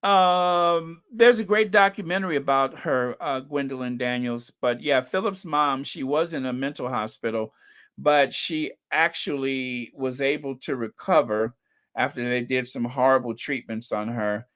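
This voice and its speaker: A channel host leads a relaxed live-stream chat at an easy, unhurried pace. His smooth, clear, medium-pitched voice reads out viewers' names and comments, and he laughs along.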